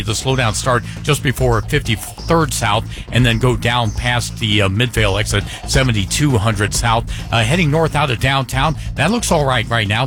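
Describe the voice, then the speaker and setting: A man giving a live radio traffic report, relaxed and with frequent hesitations. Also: mid-range voice.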